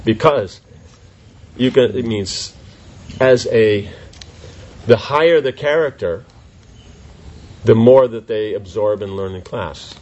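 A man teaching a class in an informal question-and-answer session, animated and full of rhetorical questions. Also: on the low side, slow, pauses often, muffled recording.

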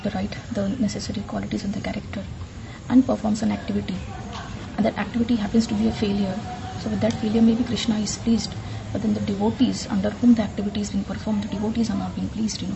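A woman's voice: medium pitch, gravelly, highs cut off, background noise. A woman asking a question in class, hesitant with many fillers.

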